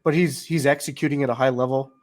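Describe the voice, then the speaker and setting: A man's voice: mid-range voice, steady tone, fast talker. A man co-hosting a sports podcast, breaking down a quarterback with upbeat, casual analysis. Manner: upbeat analytical, says "like" and "kinda". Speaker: podcast co-host.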